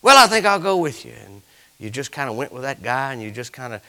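A male pastor, preaching a folksy sermon full of stories that swells to loud exclamations. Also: medium pitch, animated, moderate pace.

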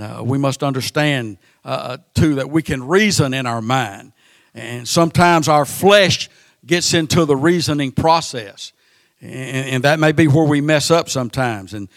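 Man preaching a halting sermon. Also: medium pitch, dry recording, studio quality. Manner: repeats words and fills with "uh" between phrases.

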